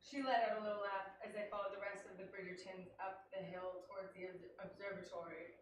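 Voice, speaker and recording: A comedian reading a romance novel aloud in a put-on English accent, playful and giggly. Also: female voice, medium pitch, little pitch movement, a little fast, recorded from a distance. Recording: echoey theater sound, noisy.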